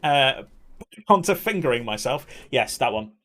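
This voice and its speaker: A man's voice: mid-range voice, sing-song, moderate pace, a bit bright. A young man chatting candidly and rambling on a live stream, swearing and laughing often. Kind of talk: casual chat.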